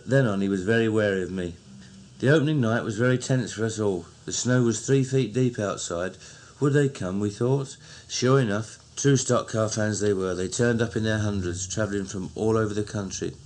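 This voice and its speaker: A man with a Cockney accent, slowly and fondly recounting old memories in a recorded diary. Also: lowish voice, darkish tone. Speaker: narrator.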